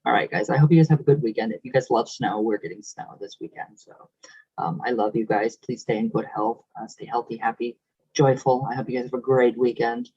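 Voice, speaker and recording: A man's voice: medium pitch, brisk, a little mellow, breathy edge, no echo, dull audio. A young man hosting his channel, reading out viewer comments in a casual, affectionate, emotional way with frequent laughs.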